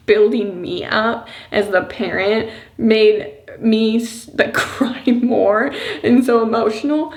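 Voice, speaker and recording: A woman talking casually to the camera as a vlogger and mother of a young child. She rambles with lots of fillers and laughs softly between thoughts. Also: fairly high pitch, measured pace. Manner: chatty and rambling, many "like" and "you know" fillers. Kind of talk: casual personal vlog talk. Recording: roomy echo.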